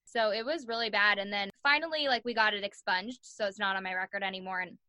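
A young woman in an interview telling a story in a casual, animated way, full of "like" fillers and acted-out quotes. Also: medium pitch, fast talker, no room sound. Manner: animated, acts out quoted voices, many "like" fillers. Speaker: guest.

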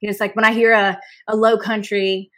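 A woman's voice: mid-range voice, little pitch movement, brisk, a bit bright. A woman from North Carolina, a guest on a podcast, talking casually with gushing emphasis.

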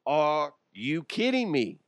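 This podcast host, a young adult man, speaks slowly in a slightly high voice with big pitch swings. He jokes and riffs alone, frequently laughing and doing voices, with no echo on the recording.

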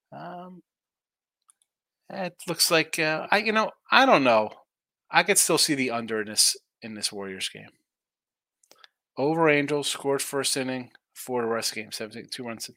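A man's voice: fairly high pitch, animated, measured pace, long pauses, sharp tone, no room sound, studio quality. A man hosting a live sports betting show, chatting casually through the day's games and reading viewer comments, thinking aloud and answering his own questions.

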